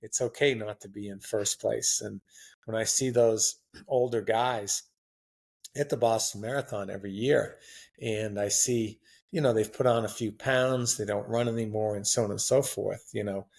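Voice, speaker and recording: A man in his sixties chatting as a podcast guest, telling long rambling stories in a relaxed, anecdotal way. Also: on the low side, moderate pace, vocal fry. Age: 60s. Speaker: guest marathon runner. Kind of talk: casual interview chat.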